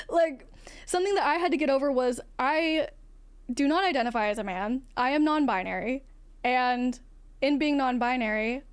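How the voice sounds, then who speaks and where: A non-binary streamer with a feminine-sounding voice, talking frankly in a casual livestream chat, swearing now and then and laughing often. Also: female voice, on the high side, clear, resonant tone. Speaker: livestream host.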